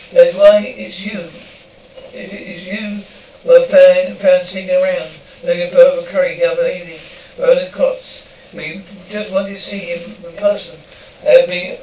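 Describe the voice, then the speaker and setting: A man reading a TV episode script aloud for a podcast, halting and restarting often as he voices every part. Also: sits high, darkish tone. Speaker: podcast reader. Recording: roomy, distant, dull lo-fi recording.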